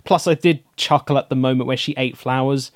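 A man's voice: medium pitch, fairly even intonation, fairly quick, no echo. Blunt opinionated man, dry close sound. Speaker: podcast co-host. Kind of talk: casual film review chat.

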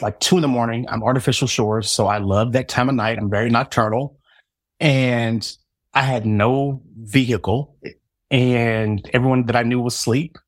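A Southern Indiana psychic reader in his thirties, speaking at medium pitch, shares his story as a casual interview guest, acting out the dialogue and mocking himself with humor. The recording has no echo and studio quality.

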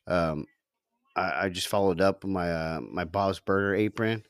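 A man's voice: low-pitched, moderate pace, smooth, no echo, clean studio sound. A middle-aged man chatting casually on a podcast, laughing often and swearing as he tells a story. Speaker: podcast co-host. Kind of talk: casual chat.

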